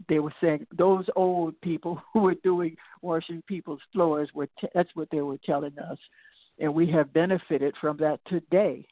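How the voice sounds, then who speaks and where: A woman's voice: low-pitched, fairly even intonation, moderate pace, dry recording. An older woman speaking as an interview guest, telling stories in a reflective, digressive way that often restarts and circles back to her point. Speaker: interview guest, singer and lecturer. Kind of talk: reflective conversational storytelling. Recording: tinny phone-line audio, dry.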